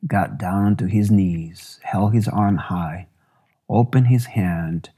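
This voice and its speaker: A man reads his memoir in a reflective, measured way. His voice sits low and dark, with a husky grain. He takes his time with each phrase. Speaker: musician narrating his own memoir.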